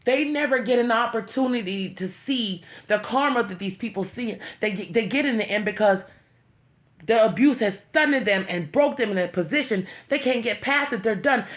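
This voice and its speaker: A woman's voice: on the high side, moderate pace. A woman speaking to her viewers in an emotional, heartfelt motivational talk, pleading and repeating herself, close to tears. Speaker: vlogger.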